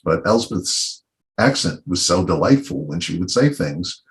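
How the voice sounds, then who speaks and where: A middle-aged man from Virginia speaking on a panel discussion in a thoughtful, unhurried and wry way. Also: deep voice. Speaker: panel guest.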